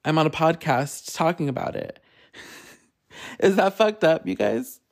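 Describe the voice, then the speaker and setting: Animated podcast host telling a story. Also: mid-range voice, measured pace. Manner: animated, laughing often, swears freely. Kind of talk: casual solo podcast storytelling.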